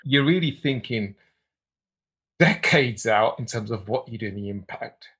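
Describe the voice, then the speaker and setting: Husky male interviewer, thoughtful. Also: medium pitch, expressive, measured pace, a bit bright. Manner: thoughtful, long probing questions. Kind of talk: interview conversation.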